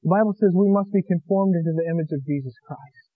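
A man preaching an impassioned sermon in a strikingly high voice, pleading with his listeners and pressing them with question after question. The sound is dry and squeezed into a narrow, phone-like band, as on an old radio broadcast. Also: quick pace, no room sound.

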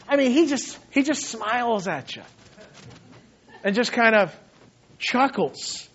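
A male pastor preaching with a high, lively voice, slipping into little acted-out voices and laughing as he goes. The recording sounds dull and lo-fi, like an old church tape. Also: measured pace, long pauses, husky. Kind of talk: sermon.

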